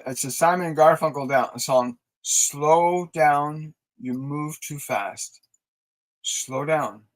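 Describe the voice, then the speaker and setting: A man with a fairly high voice hosts a live spiritual guidance stream. He speaks in a soft, unhurried, soothing way, leading slow breathing and release exercises, then reads out viewer messages and answers them warmly. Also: low-quality recording. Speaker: psychic reader and host.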